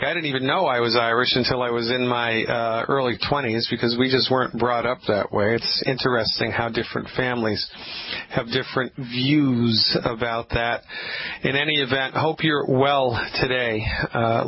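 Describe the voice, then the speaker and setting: A man's voice: medium pitch, fairly even intonation, normal speed. A man hosting a live health radio show, talking emphatically and repeating points for force. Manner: emphatic, repetitive, preachy; mock Irish lilt in the opening. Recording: slightly dull radio broadcast with faint hiss.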